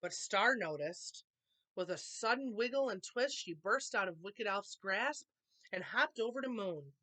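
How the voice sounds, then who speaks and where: A woman reading a children's picture book aloud with expressive, animated storytelling. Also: medium pitch, unhurried. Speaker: storytime reader.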